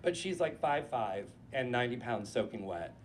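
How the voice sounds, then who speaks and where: A man in his forties from New Hampshire, telling a casual, profane and animated story on stage before a live audience. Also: mid-range voice, moderate pace, slight background noise.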